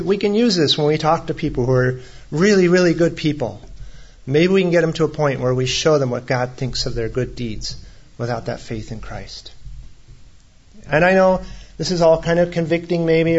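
A man's voice: fairly high pitch, moderate pace, highs cut off. A man preaching a sermon as a pastor, in a conversational way with humorous asides.

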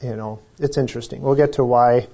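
A man with a mellow, dark voice leads a Bible study in a casual, chatty way. He often restarts his sentences and laughs softly. The recording sounds dull and lo-fi. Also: mid-range voice, steady tone, a little fast, husky. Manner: conversational, self-correcting, chuckles. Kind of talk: informal Bible teaching.

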